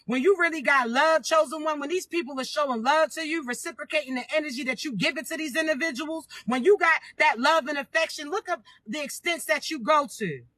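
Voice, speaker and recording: A woman's voice: high voice, brisk, few pauses, pushed and bright, no room sound. A woman giving a casual spiritual reading to her viewers, emphatic and preachy, firing rhetorical questions and swearing freely. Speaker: spiritual reader addressing viewers.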